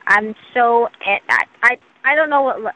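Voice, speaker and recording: A woman's voice: a little high, slow, phone-quality sound. A woman on a radio talk show who answers hesitantly and defensively, stumbling over her words. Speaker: radio guest.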